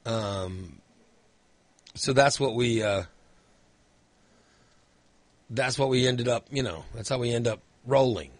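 A man's voice: medium pitch, slow, long pauses, dry recording. A man in his forties telling a long, rambling story in casual chat, full of fillers and restarts. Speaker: storyteller in a conversation. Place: indoors at a computer.

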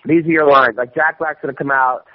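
A man telling a rambling, animated story in casual conversation, swearing often and restarting his sentences. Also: fairly high pitch, fairly quick. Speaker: guest comedian. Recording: dull radio-style audio with faint noise.

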